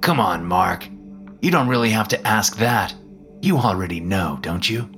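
A smug, mocking devil who takes his time, lifted well above the reader's own deep tone, as a man puts him on. He teases with a lively, knowing lilt in a first-person horror story, with faint music underneath. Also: moderate pace. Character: smug teasing male devil, calm and knowing.

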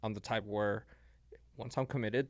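Veteran guest, man, low voice, halting and earnest, dry close recording. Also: steady tone, no echo. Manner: halting, repeats words and restarts, earnest. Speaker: podcast guest, military veteran. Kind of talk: casual podcast chat.

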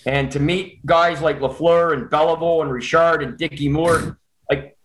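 A Canadian man telling a personal story in casual chat, animated and quick with restarts. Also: fairly high pitch, slight background noise, low-quality recording.

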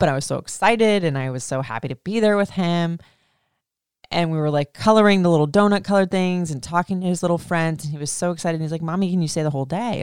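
A woman's voice: deep voice, creaky, darkish tone, clear, resonant tone, dry recording, studio quality. A woman in her thirties hosting a podcast, talking candidly and emotionally about motherhood, chatty and swearing freely. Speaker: podcast host. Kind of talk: candid personal monologue.

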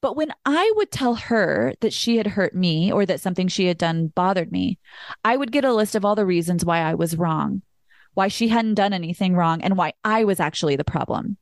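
A woman's voice: lowish voice, animated, normal speed, no room sound, clean studio sound. A young adult woman hosting a podcast, candidly telling a personal story with emphatic asides and the occasional swear word. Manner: candid and emphatic, swears, acts out quoted dialogue. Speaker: podcast host. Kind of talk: personal storytelling in casual chat.

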